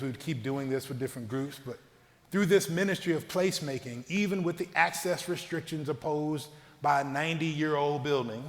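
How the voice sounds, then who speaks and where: A man from the Southern US, a clergyman, reading a prepared talk in a measured, earnest way with emphatic phrasing. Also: mid-range voice. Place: church. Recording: long reverb of a church hall.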